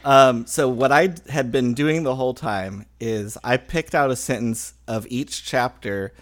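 A man co-hosting a podcast, casual chat and dry, deadpan comic reading. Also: medium pitch, a little slow. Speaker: podcast co-host.

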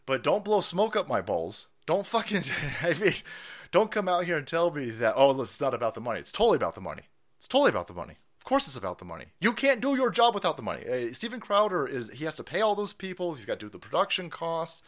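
A middle-aged man hosting a livestream, ranting about politics in a loud, profane, laughing way. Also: on the high side, fast talker. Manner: foul-mouthed, laughing, animated. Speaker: livestream host.

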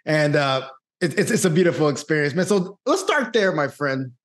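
A middle-aged man hosting a podcast, talking in an energetic, hyped-up way with friendly banter. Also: fairly high pitch, normal speed. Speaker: podcast host. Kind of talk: casual interview.

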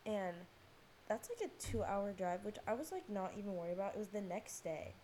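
A woman's voice: medium pitch, brisk, a little hiss or hum. Rambling teenage girl telling a story. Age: teens. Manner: rambling, animated, lots of fillers and swearing. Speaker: podcast host. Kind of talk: casual storytelling monologue.

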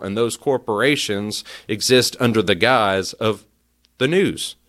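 A man's voice: medium pitch, a bit bright. A man hosting a podcast who rants heatedly and stammers and repeats himself as he gets worked up. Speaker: podcast host. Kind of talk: opinion rant.

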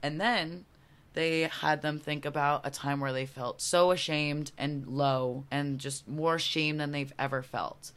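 A woman's voice: deep voice, fairly even intonation, a little slow, fairly bright tone, smooth. A young woman hosting a podcast, telling stories in a chatty, profane way, laughing often and acting out what people said. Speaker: podcast host. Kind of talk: casual storytelling monologue.

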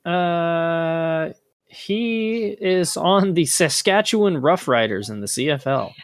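Lively, joking young male podcast host. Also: on the high side, slow pace, dry recording, clean studio sound. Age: young adult. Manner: laughs often, relaxed and joking. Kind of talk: casual chat.

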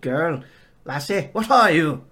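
A man voicing a boastful old male farmer with a Scottish accent, loud and blustering. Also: a little high, lively intonation, slow pace, pitched above the performer's own voice, full character voice. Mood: insistent.

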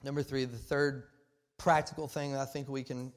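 A man in his forties preaching a sermon, passionate and full of restarts, swinging between loud emphasis and quiet asides. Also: mid-range voice, level tone, normal speed. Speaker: pastor.

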